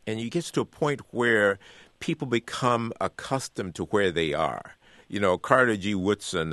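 A man with a fairly low voice speaks in an earnest radio interview, circling back and repeating words as he builds his argument. The sound is close and dry, with no room around it. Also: fairly bright tone, no echo. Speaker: author and guest.

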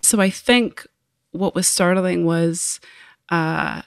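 A woman with a New Zealand accent, a guest explaining her view in a thoughtful, measured way. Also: lowish voice, vocal fry, smooth, no echo, clean studio sound. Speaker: guest, wine business co-founder. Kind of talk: reflective interview talk.

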